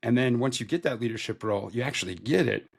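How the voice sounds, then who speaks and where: Thirtysomething guy on a podcast, kinda gravelly, lots of "like", just talking it through. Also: medium pitch, animated, quick pace. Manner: loose and conversational, heavy use of "like". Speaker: podcast guest, retail store manager. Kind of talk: casual interview storytelling.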